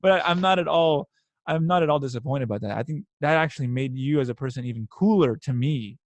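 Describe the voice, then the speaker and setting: A man's voice: medium pitch, fast, no room sound. A man hosting a casual interview, chatty and enthusiastic, often laughing. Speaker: podcast host.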